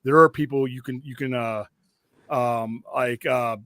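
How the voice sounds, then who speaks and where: A man's voice: medium pitch, steady tone, unhurried, pushed and bright, no echo. A man on a podcast panel, rambling through explanations in casual chat.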